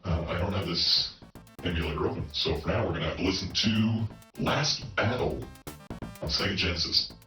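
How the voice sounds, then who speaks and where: A man streaming retro games through a voice changer that pitches him down into a deep male cyborg, chatting casually and cracking jokes. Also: moderate pace, pushed and bright, reverberant, distant mic, faint music behind. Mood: wry. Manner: casual, wisecracking game commentary.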